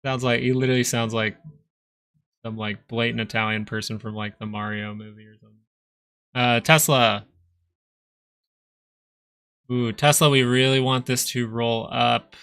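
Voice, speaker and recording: Gravelly-voiced young man narrating stock charts. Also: mid-range voice, flat delivery, moderate pace, pauses often, a bit bright, dry recording. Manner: chatty, rambling, reads chat aloud. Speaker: stock market livestream host. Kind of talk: casual live market commentary.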